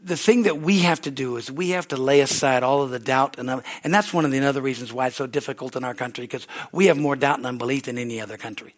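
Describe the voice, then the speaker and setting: A man's voice: mid-range voice, fast talker, few pauses. A man preaching a sermon as pastor at a church service, telling stories animatedly with frequent restarts.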